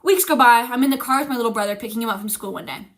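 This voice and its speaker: A young woman streamer telling a frightening story in casual chat, animated and swearing, teary-eyed as she talks. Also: fairly high pitch, racing. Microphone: streaming mic.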